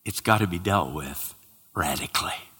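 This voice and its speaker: A man preaching a sermon with dramatic swings between loud exclamations and hushed whispers, in a large church hall. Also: deep voice, normal speed, slightly rough. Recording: hall reverb.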